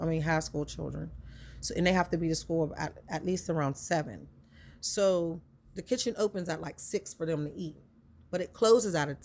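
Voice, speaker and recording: A woman with a somewhat low voice recounts a hard chapter of her life. She talks conversationally and earnestly, circling back and repeating herself, her feelings close to the surface. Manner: earnest, emotional, conversational with repetitions. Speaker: storyteller. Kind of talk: personal storytelling.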